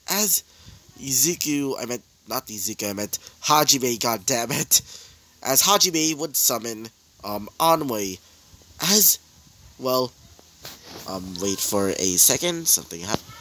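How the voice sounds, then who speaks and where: A man's voice: medium pitch, expressive, measured pace, bright, forceful tone, no echo. A man improvising a fan story as narrator, rambling with fillers and self-corrections.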